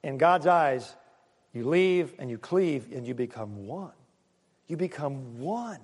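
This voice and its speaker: A man preaching a sermon as pastor, lively and joking, with emphatic repeated points and asides to his congregation. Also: mid-range voice, slow, husky. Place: church sanctuary. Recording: long reverb of a church hall.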